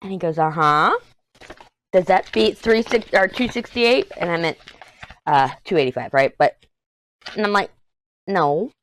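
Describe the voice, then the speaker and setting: A woman's voice: lowish voice, lively intonation, measured pace, long pauses, a little hiss or hum. A woman from Texas, chatting casually in a rambling, storytelling way while she works on a craft for her vlog. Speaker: craft vlogger. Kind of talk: casual chat while diamond painting.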